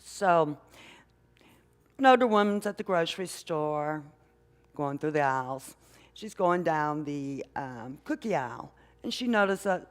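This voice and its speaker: An older woman, a mother and grandmother, preaching a sermon in a church with an unhurried, conversational manner, often asking the congregation questions. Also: deep voice. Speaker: minister. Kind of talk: sermon with storytelling. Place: church sanctuary. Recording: long hall reverb.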